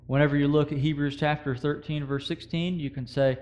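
A man's voice: fairly high pitch, fairly even intonation, fairly quick. A man preaching a sermon, talking through scripture in a conversational way with quoted verses and asides to the congregation.

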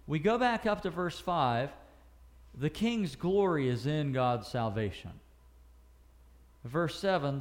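With a slightly high and very animated voice, a man works through a Bible passage one verse at a time, reading slowly, posing questions to listeners, and filling his speech with fillers and self-corrections.

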